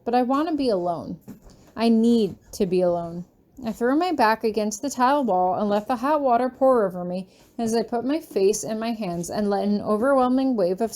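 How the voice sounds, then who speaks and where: A woman's voice: fairly high pitch, mellow. A woman narrating a fanfiction chapter in the first person, reading earnestly and with emotion. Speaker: fanfiction reader.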